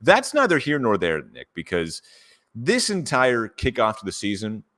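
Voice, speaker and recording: A young man hosting a casual sports podcast, smooth and animated, speaking close to the mic. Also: medium pitch, normal speed. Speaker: podcast host.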